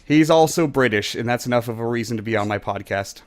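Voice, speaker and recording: A man's voice: mid-range voice, fast talker, a little hiss or hum. Guy hosting a podcast, normal mid voice, jokey, kinda rambly intros. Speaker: podcast host. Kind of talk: casual chat.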